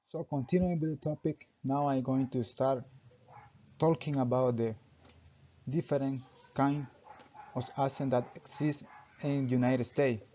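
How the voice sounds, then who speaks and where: A young man reads his class presentation aloud in short, halting phrases, stumbling over grammar now and then. His voice is dark and mellow, and the recording sounds dull and lo-fi. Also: medium pitch, fairly even intonation. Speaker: student presenter.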